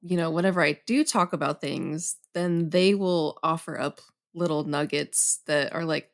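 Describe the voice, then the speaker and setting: Young adult woman, low-ish voice, loose podcast-guest chatter full of fillers. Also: moderate pace. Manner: relaxed, many fillers like "um" and "like". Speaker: guest horror journalist. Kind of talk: casual podcast chat.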